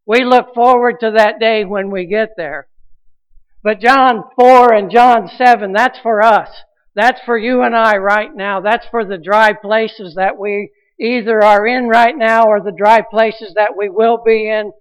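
A man's voice: high voice, smooth, poor audio. A man preaching a sermon as pastor, earnest, with restarts and rising emphasis.

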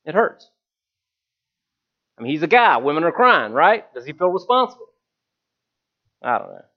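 A man's voice: on the high side, big pitch swings, normal speed, lo-fi sound. A man preaching a conversational sermon, retelling a story with self-deprecating asides.

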